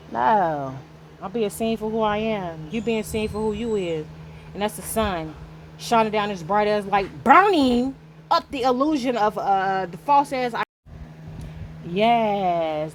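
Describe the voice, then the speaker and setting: A woman's voice: a little high, slight background noise. A woman giving a casual spiritual tarot reading, talking straight to the viewer in an emphatic, slangy and profane way. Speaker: tarot reader.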